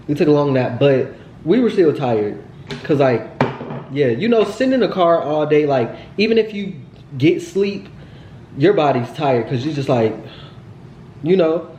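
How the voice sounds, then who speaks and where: A fairly high-voiced man with a mellow tone tells his story to viewers, swearing hard and piling on fillers. He sounds heated the whole way through. The sound bounces around a bare, echoey room. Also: animated, measured pace, a little hiss or hum. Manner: heated, profane retelling with lots of fillers. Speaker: storytime vlogger.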